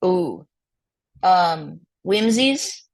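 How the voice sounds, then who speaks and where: A woman's voice: on the low side, very animated, very slow, no room sound. A woman musician as a podcast guest, chatting casually, with many fillers and restarts and frequent laughter. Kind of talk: casual interview chat.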